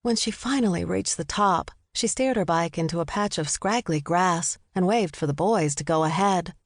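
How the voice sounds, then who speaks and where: A woman's voice: lowish voice, normal speed, dry recording. Woman narrating a cozy mystery. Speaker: audiobook narrator. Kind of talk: scripted narration. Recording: dry studio close mic.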